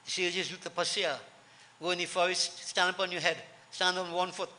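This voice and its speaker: A man's voice: high voice, level tone, normal speed, pushed and bright. A man giving a sermon to devotees, earnest, repeating key lines for emphasis. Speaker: preacher. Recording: long hall reverb.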